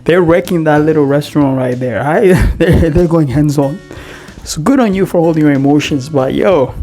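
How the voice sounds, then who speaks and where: A man's voice: on the high side, normal speed, mellow, soft background music. A man hosting a reaction show, reacting to clips in slangy, exasperated casual talk with frequent laughs. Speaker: reaction podcast host.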